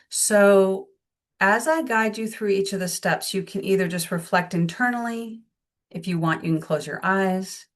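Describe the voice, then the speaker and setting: Gentle woman guiding a workshop. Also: mid-range voice. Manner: gentle, reflective, acts out quoted voices. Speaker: workshop presenter. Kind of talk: guided teaching talk.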